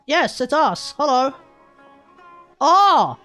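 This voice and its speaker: An Australian woman streaming a game live, chatting excitedly and talking to her viewers. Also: high voice, drawn-out words, faint music behind. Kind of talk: live gameplay commentary.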